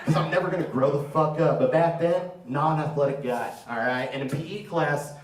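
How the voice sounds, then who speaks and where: Speaking briskly in a high, brash voice, a Florida comic in his thirties works the crowd during a stand-up set at a theater, with a live audience present. His humor is crude, and he breaks into loud shouts. Sound is roomy, captured by a distant mic amid crowd noise.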